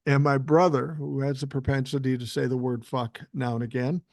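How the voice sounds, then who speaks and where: An older man casually telling profane, animated stories as a guest on a podcast. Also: mid-range voice, a little fast, no room sound, clean studio sound. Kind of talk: casual storytelling chat.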